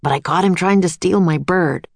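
Grumpy impatient guy in a kids' book, lowish plain voice, woman reading it. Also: moderate pace, creaky, dry recording. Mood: exasperated. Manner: impatient, exasperated.

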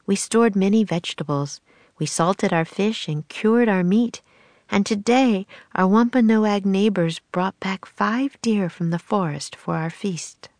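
A woman voicing a gentle Pilgrim woman. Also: mid-range voice, a little slow, no echo, lightly acted. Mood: kind. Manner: soft, archaic speech with thou. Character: gentle old-fashioned Pilgrim woman, kind.

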